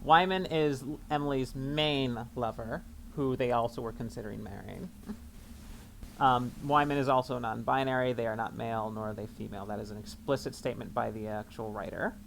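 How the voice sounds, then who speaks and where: A man's voice: mid-range voice, fairly even intonation, a little fast, vocal fry, a bit bright, slight background noise. Man reading game text aloud on stream. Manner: reads game text aloud, stumbling and self-correcting. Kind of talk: casual game stream commentary.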